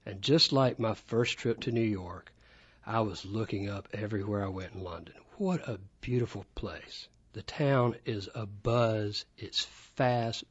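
A man's voice: fairly low pitch, a little slow, breathy edge, dry recording. A man in his fifties from Alabama with a Southern accent, telling stories as a radio studio guest with enthusiasm. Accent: Southern American. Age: 50s. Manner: enthusiastic, anecdotal. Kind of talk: casual storytelling. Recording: dull, dry studio sound.

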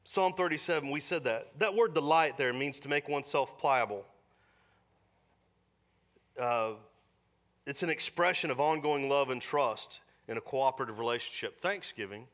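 A middle-aged man preaching a sermon in a church, folksy and storytelling, slipping into quick voiced asides. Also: mid-range voice, a bit bright. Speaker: pastor. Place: church sanctuary.

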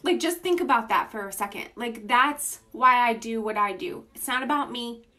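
A woman with a slightly high voice hosts a casual phone livestream, talking straight to her viewers. She sounds gushing and informal, full of enthusiasm as she greets people by name. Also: moderate pace, sharp tone. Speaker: beauty business livestream host.

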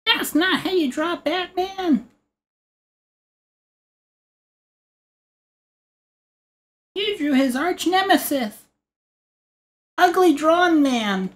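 A man doing a shrill whiny heckler. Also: expressive, full character voice. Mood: scolding. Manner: squeaky mocking whine, drawn-out words. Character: shrill scolding male viewer heckling the artist.

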